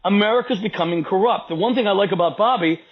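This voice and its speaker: A man's voice: sits high, quick pace, muffled recording. A man, a rabbi and podcast guest, arguing politics emphatically and repeating himself for stress while others cut in. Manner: emphatic, repetitive, talks over interruptions. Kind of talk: heated political conversation.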